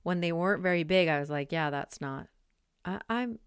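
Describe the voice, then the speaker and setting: Podcast host, woman, 40s; slightly low, smooth voice, casual rambling delivery, dry close mic. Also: expressive, moderate pace, dry recording. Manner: chatty, rambling, lots of "like" and "um". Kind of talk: casual monologue.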